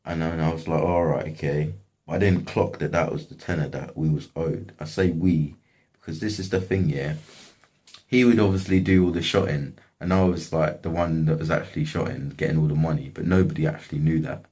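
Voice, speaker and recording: A man's voice: very deep voice, fairly even intonation, fairly quick, darkish tone. A young man casually telling a story from his life, slangy and swearing often. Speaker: vlogger.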